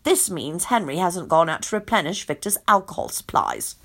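A woman's voice: lowish voice, sing-song, moderate pace, fairly bright tone. A woman narrating an audiobook in first person, exasperated, sarcastic and sweary.

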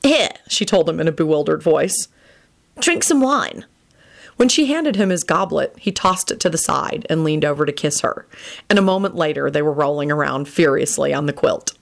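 A woman reading a romance story aloud in an expressive storytelling manner. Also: low-pitched, brisk, creaky. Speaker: reader.

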